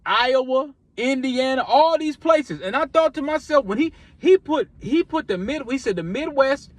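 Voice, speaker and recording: A man's voice: very high-pitched, animated, normal speed, no echo. A man from Minnesota telling a casual storytime, loose and rambling, with many restarts and repeats. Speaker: vlogger.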